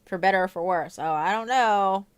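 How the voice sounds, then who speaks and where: A young woman with a light Southern US accent hosts a live stream, chatting animatedly with guests in casual fan talk. Her medium-pitched voice is brisk and smooth, and the recording is dry.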